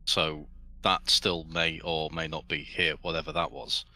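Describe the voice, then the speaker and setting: A man with a very low voice takes part in a tabletop game, thinking aloud about what his character noticed. His tone is sharp and forceful despite the depth. He talks casually, as one player among several. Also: little pitch movement, a little slow.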